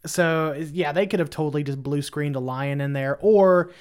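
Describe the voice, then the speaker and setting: A man's voice: a little high, moderate pace, a little mellow, clear, resonant tone. A man co-hosting a movie podcast, rambling and hesitant, with jokey asides. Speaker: podcast co-host. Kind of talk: casual movie review chat.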